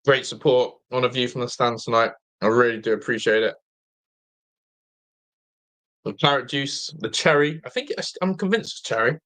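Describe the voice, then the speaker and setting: Young man, fan watch-along host, chatty, excitable, bright tone, slightly blocked nose. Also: mid-range voice, brisk. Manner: chatty, excitable, reads viewer comments aloud. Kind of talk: live fan commentary and chat.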